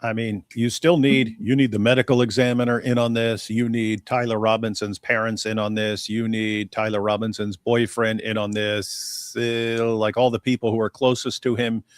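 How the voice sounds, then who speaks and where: A man's voice: lowish voice, level tone, moderate pace, hardly any pauses, no echo. Blunt, dismissive man in dry sound. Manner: blunt, dismissive, repeats words as he builds a point. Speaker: co-host of a live stream. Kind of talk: casual debate chat.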